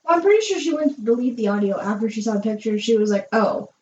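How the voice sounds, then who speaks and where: A woman's voice: fairly high pitch, sing-song, a little mellow. A woman in a casual movie podcast chat, correcting the others and acting out scenes. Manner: quick to correct, acts out lines. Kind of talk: casual film review chat. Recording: echoey, dull, off-mic with hiss.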